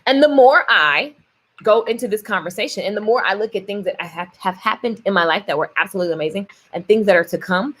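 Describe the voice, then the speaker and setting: Her voice is medium in pitch, a bit bright, quick-paced and lively in intonation. She's a woman vlogging casually, spinning playful stories and motivational talk, laughing often and imitating voices when she quotes someone.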